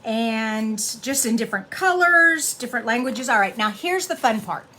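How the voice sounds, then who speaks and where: A middle-aged woman hosting a casual card-making tutorial, chatting warmly and laughing as she reads sayings aloud. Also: fairly high pitch, lively intonation, moderate pace, a little hiss or hum.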